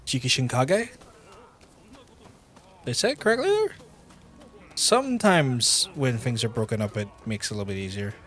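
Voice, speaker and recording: A man's voice: medium pitch, big pitch swings, normal speed, long pauses, a bit bright. Sweary Belfast man streaming a game. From Northern Ireland. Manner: sweary, joking, rambling. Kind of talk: casual game-stream chat.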